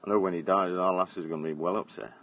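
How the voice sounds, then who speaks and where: This middle-aged Englishman, streaming live from his garden with his phone at arm's length, has a deep, fairly bright voice with a steady tone and talks fast. The chat is casual and blunt, full of laughter and swearing.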